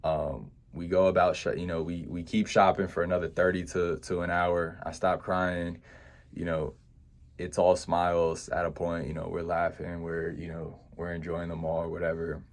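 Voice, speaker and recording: A young vlogger with a deep, low voice recounts a personal story from his past in a flat, reflective, unhurried way, often saying "you know" and restarting small bits as he remembers.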